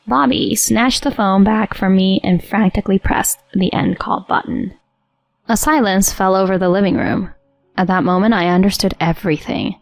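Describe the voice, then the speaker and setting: A woman narrating a first-person story in an even, composed way. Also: medium pitch, normal speed, vocal fry. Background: soft music.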